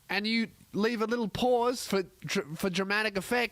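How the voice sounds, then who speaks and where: A man's voice: sits high, animated, normal speed, a bit bright, dry recording. A man telling a comic story in a sweary, exasperated rant, acting out other people's lines. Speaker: comedian host. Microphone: podcast microphone.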